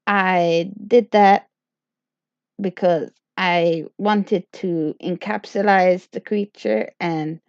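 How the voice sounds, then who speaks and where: A woman's voice: mid-range voice, a little mellow, no room sound. A woman telling a comic first-person story in a rambling, self-deprecating, playful way. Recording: dull lo-fi dry recording.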